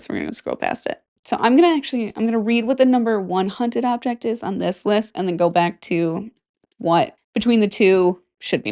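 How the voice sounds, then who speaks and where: A woman's voice: medium pitch, a little mellow. Chatty Midwestern woman podcast host. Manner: chatty, rambling, jokey asides and self-interruptions. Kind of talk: casual podcast chat, reading a list aloud.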